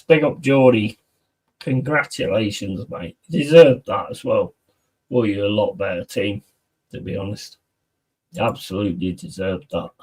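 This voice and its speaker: A man's voice: on the low side, breathy edge, distant mic. Chatty, sweary man streaming. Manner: swears a lot, chatty, reacts to viewers' messages. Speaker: streamer reading chat. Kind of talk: casual live-stream chat.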